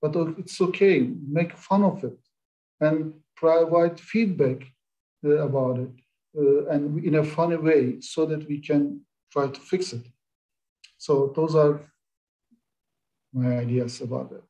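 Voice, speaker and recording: A middle-aged man speaking as a panelist in an online webinar, pausing often with "uh" as he talks. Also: on the high side, fairly even intonation, mellow, poor audio. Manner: hesitant, many "uh" fillers.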